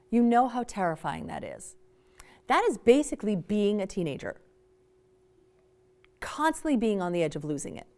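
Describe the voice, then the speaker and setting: A woman speaker giving a public talk on parenting, animated and emphatic, acting out quotes as she goes. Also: medium pitch.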